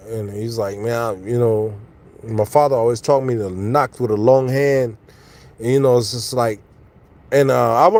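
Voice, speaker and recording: A man's voice: fairly high pitch, a little mellow, no echo. A man telling a personal story in a casual, rambling way, full of fillers and restarts.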